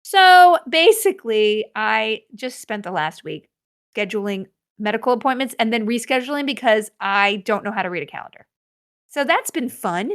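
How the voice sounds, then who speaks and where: A woman hosting a solo podcast, chatting casually with self-deprecating, animated asides. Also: a little high, normal speed. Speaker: podcast host.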